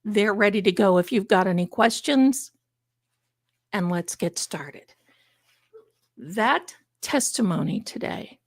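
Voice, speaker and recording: A woman's voice: mid-range voice, slow, long pauses, no echo, studio quality. A woman hosting a livestream, chatty and theatrical, calling viewers her darlings, her voice congested from allergies. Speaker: livestream host. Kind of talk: casual livestream chat.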